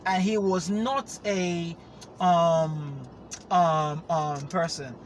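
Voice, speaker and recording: A man hosting a casual, unscripted podcast chat, playful and quick to laugh as he riffs. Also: on the high side, fairly even intonation, a little hiss or hum. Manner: playful, laughs often, drawn-out filler mimicry. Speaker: podcast host.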